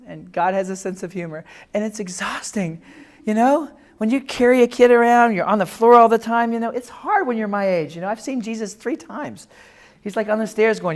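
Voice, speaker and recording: Animated older-sounding man telling funny stories. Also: high-pitched, a little fast. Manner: animated storyteller, lively jokes, acts out voices. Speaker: speaker. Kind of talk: humorous personal talk. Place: classroom or lecture room.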